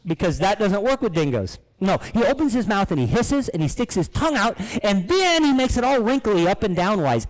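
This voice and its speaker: A man's voice: high voice, poor audio. A man presenting live animals to children in a playful, joking way, laughing often. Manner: jokey, animated, talks to kids, laughs often. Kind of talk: playful kids' show presentation.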